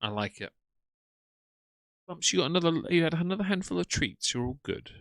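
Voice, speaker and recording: A man's voice: fairly high pitch, animated, fairly quick, gravelly, slight background noise. A young man giving casual, sarcastic live-stream commentary and talking to his chat. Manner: chatty, sarcastic, greets chat by name. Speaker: streamer reacting to videos.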